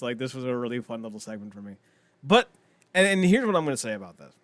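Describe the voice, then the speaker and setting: A young man co-hosting a podcast, chatting casually and excitably, rambling with lots of fillers and frequent laughs. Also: mid-range voice, no echo. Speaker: podcast co-host. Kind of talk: casual wrestling chat.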